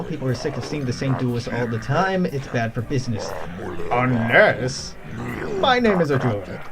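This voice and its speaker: A man's voice: fairly high pitch, voice pushed up, close to an everyday voice. A man putting on a salesy alien duel promoter. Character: scheming male alien duel organizer. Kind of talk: reading game dialogue aloud.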